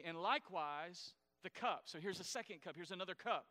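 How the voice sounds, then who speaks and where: Male pastor, high bright voice, smooth and clear, explains things to the congregation, church hall with long reverb. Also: brisk, hardly any pauses. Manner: explanatory, asks the congregation questions. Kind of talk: sermon.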